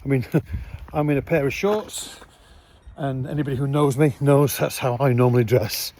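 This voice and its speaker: A man's voice: medium pitch, moderate pace, a little hiss or hum. A man vlogging casually outdoors at night by his van, rambling with lots of fillers. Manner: rambling, relaxed, many fillers. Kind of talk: casual vlog narration.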